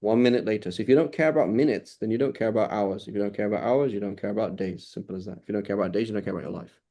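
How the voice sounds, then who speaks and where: A man with a lowish, mellow voice teaches a class in a loose, conversational way. He circles back on his points, repeats phrases for emphasis and keeps checking in with his listeners by asking "right?" after his points. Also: very fast. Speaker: religious teacher. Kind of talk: informal classroom lecture.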